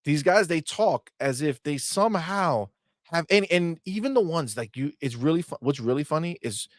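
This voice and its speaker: Man, gaming podcast host, brash, profane, mocking, fairly high voice, dry close mic. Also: animated, moderate pace, dry recording. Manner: brash, profane, mocking, swings into loud shouts. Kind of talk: casual gaming chat.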